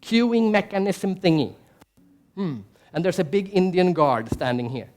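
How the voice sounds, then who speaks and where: In a large conference hall, a man delivers a keynote as an animated storyteller, asking the audience questions and acting out quotes. He has a high voice and a measured pace.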